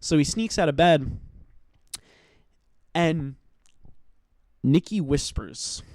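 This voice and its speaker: A man giving a rambling, emotional recap of a film, halting often, swearing and sighing as he talks. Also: a little high, expressive, a little mellow, no room sound. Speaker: film commentator.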